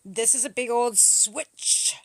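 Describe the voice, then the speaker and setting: A woman's voice: a little high, slow, no room sound. A woman hosting a livestream, arguing with commenters in a combative, profane, mocking manner. She is from Canada. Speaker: livestream host. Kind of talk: livestream chat replying to comments.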